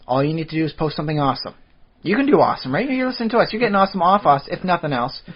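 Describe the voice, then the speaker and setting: A man chatting on a podcast in a quick, rambling stream, full of "uh" and restarts. His voice sits a bit high for a man. The recording is dull and lo-fi. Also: sing-song, husky. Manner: rambling, many fillers and restarts. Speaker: podcast co-host. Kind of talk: casual chat.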